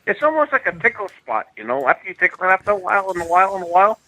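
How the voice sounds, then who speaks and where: A man co-hosting, jokey and excitable in casual bar banter. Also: high-pitched, rapid-fire.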